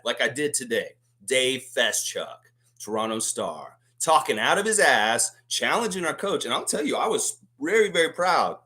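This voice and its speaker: A man hosting a live fan sports show, ranting heatedly and swearing freely. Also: mid-range voice. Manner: excitable, emphatic. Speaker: host of a fan basketball show. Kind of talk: live sports preview rant.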